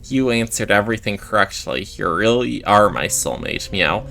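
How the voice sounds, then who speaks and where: A man's voice: on the low side, animated, normal speed, creaky, sharp tone, exaggerated voice. A man reading the lines of a vain male cat artist who ends his lines with meow.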